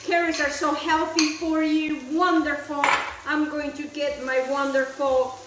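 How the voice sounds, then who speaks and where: A woman's voice: sits high, little pitch movement, a little slow, reverberant, very noisy. A woman hosting a casual cooking demonstration, chatty and enthusiastic, who drops Italian phrases into her talk while she cooks outdoors. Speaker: cooking show host. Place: outdoor kitchen, windy.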